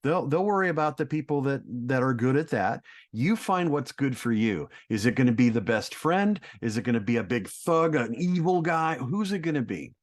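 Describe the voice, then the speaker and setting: An animated man from Texas talks at length as a podcast guest. His voice sits in a middle register, and he gives advice in an encouraging, talkative way. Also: mid-range voice, moderate pace, few pauses. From Texas, USA. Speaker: guest voice actor. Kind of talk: casual podcast chat.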